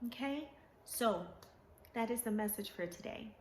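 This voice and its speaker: A woman's voice: fairly high pitch, expressive, normal speed, slight background noise. A woman giving an earnest motivational talk, repeating points for emphasis. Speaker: vlogger. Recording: roomy echo.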